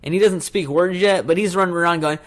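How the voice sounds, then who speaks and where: A young man co-hosting a podcast retells film scenes in casual conversation, animatedly acting out the quoted lines. He has a high voice and talks fast.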